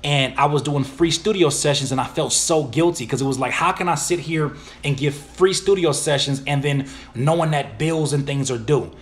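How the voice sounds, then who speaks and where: A man's voice: on the high side, normal speed, hardly any pauses. Slangy man answering viewer questions. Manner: animated, slangy, reads questions aloud then answers. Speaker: YouTuber and music producer answering viewer questions. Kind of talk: casual live Q&A.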